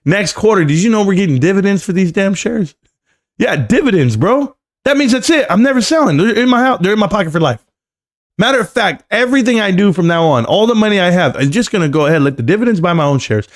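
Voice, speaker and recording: A man's voice: high voice, expressive, fast. A man hosting a live stream, standing at his desk, joking and rambling in casual chat and calling everyone "bro". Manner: standing at a desk while talking.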